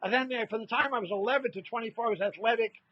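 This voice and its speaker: Older comedian, sixties, high voice, animated storyteller, dull dry audio. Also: male voice, very fast, no echo. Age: 60s. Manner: animated anecdote-telling, acts out quoted voices. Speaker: comedian guest. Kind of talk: storytelling in a casual interview.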